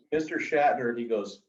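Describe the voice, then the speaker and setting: Middle-aged man, casual anecdotes, lots of fillers, echoey room, dull sound. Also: mid-range voice. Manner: chatty, animated anecdotes with frequent fillers. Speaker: author being interviewed. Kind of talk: casual storytelling. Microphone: video call. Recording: roomy, distant, dull video call audio.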